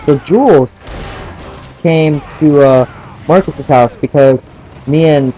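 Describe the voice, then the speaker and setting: A man's voice: fairly high pitch, takes it slowly, warm tone, faint music behind, low-quality recording. A young man in casual gameplay commentary, telling a story while playing, laughing often and swearing at the game. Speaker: gaming channel host.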